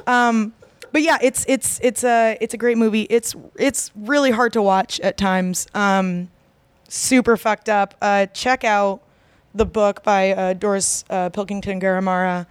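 Chatty woman with a smooth voice. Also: medium pitch, steady tone, measured pace, dry recording. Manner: rambling, many fillers and restarts. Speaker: podcast co-host. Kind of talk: casual chat.

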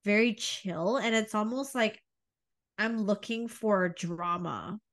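A woman's voice: medium pitch, slow, a bit bright. A woman co-hosting a podcast in casual chat, rambling through analogies and laughing often. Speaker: podcast co-host.

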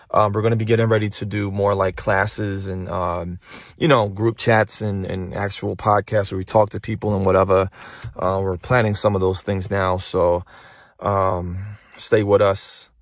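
A man's voice: lowish voice, little pitch movement, moderate pace, dry recording, studio quality. Blunt, profane motivational man on a phone. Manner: profane, emphatic, repeats phrases for emphasis. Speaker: motivational podcast host. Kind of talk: casual motivational monologue. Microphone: phone held while talking.

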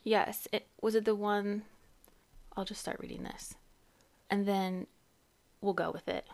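A woman's voice: mid-range voice, fairly even intonation, a little slow, vocal fry, darkish tone. A woman in her thirties hosting a casual podcast, chatty and rambling, often laughing and cutting herself off. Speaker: podcast host and therapist.

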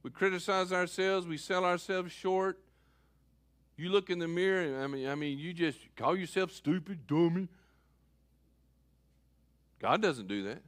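Male pastor, bright high voice, unhurried and expressive delivery, dry close sound. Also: no echo. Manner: animated preaching, swings from loud calls to quiet asides. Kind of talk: sermon.

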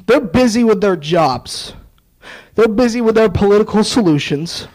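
Man, preacher, sermon, high voice, storytelling with acted dialogue. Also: expressive, normal speed, a little mellow, rough recording. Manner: storytelling, acts out dialogue, sarcastic asides.

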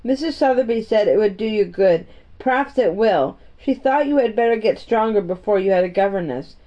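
A woman playing a weary, fretful gentleman. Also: mid-range voice, expressive, normal speed, close to an everyday voice. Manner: distracted and absent-minded. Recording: dull, muffled audio.

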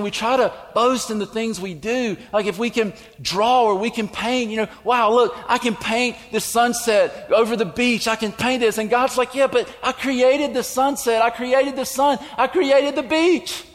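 A man preaches to his congregation in an unusually high voice. His delivery is emphatic, breaking into shouts for stress. The sound carries the long ring of a church hall. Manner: emphatic, with sudden shouted lines. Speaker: pastor. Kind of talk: sermon. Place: church sanctuary.

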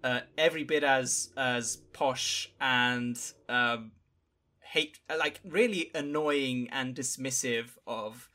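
A man's voice: medium pitch, slow, bright, forceful tone. A man co-hosting a podcast, talking through a film in a casual, thoughtful way and searching for words as he goes.

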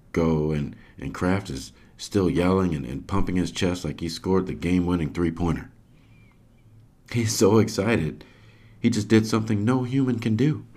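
A man's voice: sits low, darkish tone. A man hosting a podcast, narrating a personal story in an earnest, emotional way. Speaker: podcast host.

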